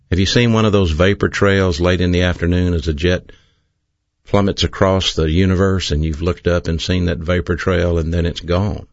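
A man preaching an earnest sermon as pastor, stressing key phrases slowly. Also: low voice, steady tone, dry recording, muffled recording. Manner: earnest, emphatic preaching with slow drawn-out stresses.

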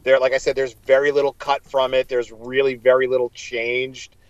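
A man's voice: mid-range voice, little pitch movement, normal speed, dull audio. A man co-hosting a casual chat, animatedly retelling scenes and acting out the quoted lines. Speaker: podcast co-host.

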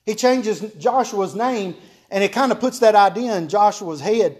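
Male preacher, high voice, homespun humor, hammers key lines by repeating them. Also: expressive, moderate pace, darkish tone. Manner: homespun, joking, repeats key phrases for emphasis. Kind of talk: folksy sermon to a congregation.

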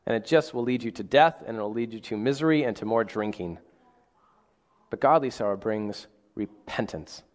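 Casual preacher in a reverberant hall. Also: male voice, a little high. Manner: casual, conversational preaching with many "like"s and restarts. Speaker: pastor. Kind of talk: sermon.

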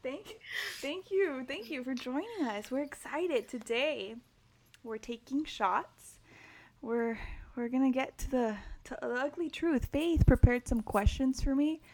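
A young woman hosts a casual podcast, speaking in a slightly high voice. She is blunt and candid and swears constantly, as if chatting with friends at home. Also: a little slow, a little mellow, no room sound. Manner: blunt, heavy cursing, candid. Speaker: podcast host.

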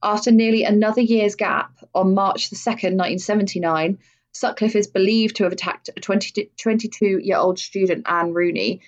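A woman's voice: medium pitch, fairly even intonation, normal speed. A woman hosting a podcast, telling true-crime stories in a casual, blunt way and swearing freely. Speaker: podcast host. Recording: dull lo-fi audio.

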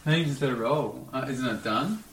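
Quick, bright-voiced man talking off-mic, echoey room. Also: medium pitch, gravelly. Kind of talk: casual chat.

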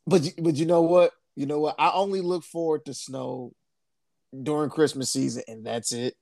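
A man's voice: on the high side, fairly even intonation, normal speed, vocal fry, darkish tone, no echo. A man hosting a casual podcast chat, laid-back, repeating his phrases and laughing easily. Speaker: podcast host.

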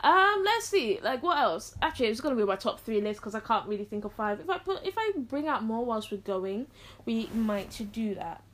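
A high-voiced teenage girl chats alone as a podcast host. Her pitch leaps around as she jokes and acts out quotes from family. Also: normal speed. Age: teens. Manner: animated, jokey, acts out quotes. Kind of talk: casual solo chat.

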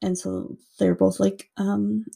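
A woman's voice: mid-range voice, level tone, takes it slowly, vocal fry, mellow, slightly rough. A woman casually recounting a true-crime story to a co-host, chatty with lots of "like" and free swearing.

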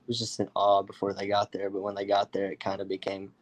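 Young man telling an excited story. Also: on the low side, quick pace. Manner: animated, acts out others' voices, many fillers. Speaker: guest storyteller. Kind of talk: casual storytelling.

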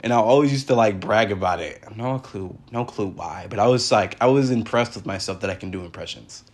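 A man's voice: on the low side, fairly quick. A young man hosting a casual solo podcast, rambling in loose slang and laughing often. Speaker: podcast host.

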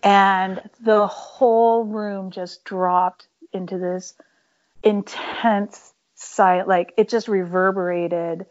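A woman with a mid-pitched voice tells her stories in a casual interview, candid and emphatic, with plenty of fillers. The audio is a bit dull and lo-fi. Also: steady tone, slow. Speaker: punk band musician, interview guest.

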